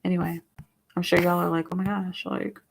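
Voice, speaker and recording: Chatty young woman with a gravelly voice. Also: on the low side, little pitch movement, brisk, heavy background noise. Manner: chatty, rambling, lots of "like"; murmurs softly while shuffling. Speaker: tarot reader. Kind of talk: live-stream tarot reading.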